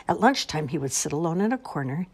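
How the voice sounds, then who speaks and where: A woman reading a children's storybook aloud, slow and expressive. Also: low-pitched, slightly rough. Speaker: storybook reader.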